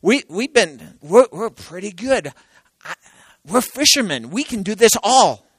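A man preaching a sermon, swinging from loud exclamations to hushed, near-whispered lines and acting out quoted voices. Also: high-pitched, sing-song, a little slow, husky, no echo, low-quality recording. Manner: acts out quoted voices, laughs between lines.

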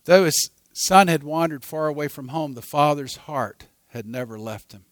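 A male preacher telling a sermon story, his voice sitting high for a man. He swings from hushed passages to loud, dramatic ones. The recording is dry and close, with no room sound. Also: expressive, moderate pace, no room sound.

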